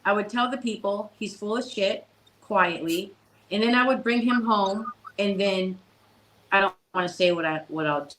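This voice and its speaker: A woman's voice: mid-range voice, moderate pace, fairly bright tone, slight background noise, low-quality recording. A woman hosting a casual chat, talkative, often stumbling over repeated starts. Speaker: host.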